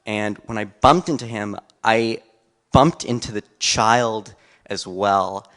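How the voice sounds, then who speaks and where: A man's voice: fairly low pitch, slow, fairly bright tone. A man in his twenties, a college student, telling a casual personal story on stage.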